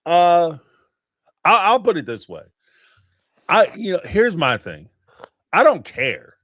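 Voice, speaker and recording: A man's voice: high voice, big pitch swings, slow, a bit bright, no echo, studio quality. A man hosting a call-in show, giving blunt, emphatic opinions in casual chat.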